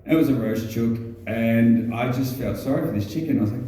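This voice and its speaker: A man with an Australian accent telling a rambling stand-up comedy story, halting often with ums and restarts and swearing freely. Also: mid-range voice, steady tone, darkish tone. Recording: very echoey room, mic far off.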